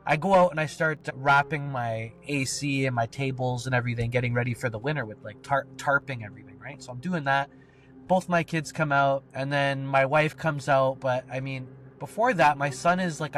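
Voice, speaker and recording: Speaking at medium pitch with a slightly bright tone, a male podcast co-host wanders through a personal story. He swears and leans on plenty of fillers as he casually tells it.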